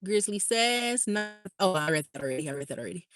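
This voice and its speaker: A woman's voice: lowish voice, animated, fast talker, a bit bright, soft background music. Bubbly woman chatting on a livestream. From California. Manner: bubbly, chatty, laughs often. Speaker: livestream host. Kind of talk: casual live chat reading comments.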